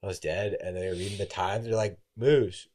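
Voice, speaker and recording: A young man with a very low, mellow voice, spinning a casual story on a podcast. He acts out other people's lines as he goes and swears freely. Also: steady tone, quick pace. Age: young adult. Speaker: podcast guest, college baseball player.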